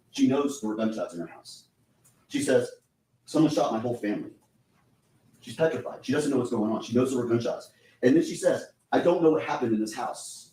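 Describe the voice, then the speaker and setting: A defense attorney makes his closing argument to the jury, urgent and insistent, hammering on key points more than once. His voice is mid-range and warm, captured from a distance in echoey courtroom audio.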